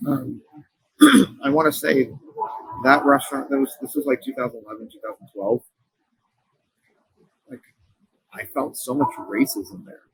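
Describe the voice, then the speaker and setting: Man, interview guest, husky voice, dry sound, earnest, halting restarts. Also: mid-range voice, sing-song, a bit bright, dry recording, rough recording. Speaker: company co-founder, interview guest. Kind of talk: casual interview storytelling.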